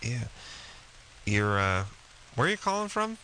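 A man's voice: medium pitch, sing-song, measured pace, sharp tone, a little hiss or hum, low-quality recording. A man hosting a radio call-in show, joking crudely and rambling on in a brash way. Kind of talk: crude comedic banter.

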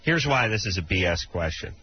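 A man's voice: sits low, sing-song, fairly quick, a little hiss or hum. Blunt wisecracking male radio host. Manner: blunt, wisecracking, crude humor. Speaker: radio call-in advice host. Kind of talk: late-night radio call-in banter. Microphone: studio broadcast mic. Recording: dull broadcast radio sound.

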